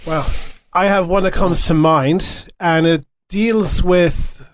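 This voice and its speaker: A man's voice: high voice, slow. A man at a radio station, telling an earnest story in a casual podcast chat. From Ireland. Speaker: radio station staff member. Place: radio studio.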